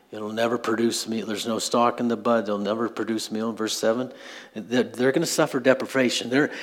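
A male pastor delivers a sermon in a loose, conversational way, breaking off for asides and small chuckles. His voice sits on the low side with a husky edge.

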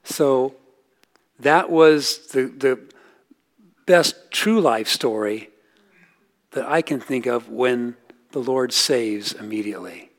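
A middle-aged pastor preaches a sermon in an everyday mid-range pitch, telling stories earnestly. He lifts his voice for quoted lines and sinks soft and low to land a point, speaking slowly with frequent pauses.

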